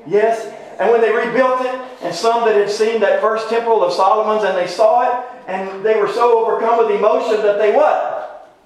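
A man's voice: high-pitched, fairly even intonation, normal speed. A man teaching a Bible class, folksy and informal, quizzing his listeners with repeated questions. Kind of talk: interactive Bible class lecture. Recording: very echoey room.

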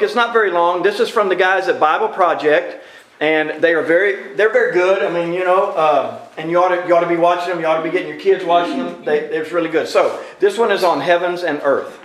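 Man teaching a Bible class, very echoey. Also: sits high. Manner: conversational, asks the class questions. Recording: very echoey room from a distance.

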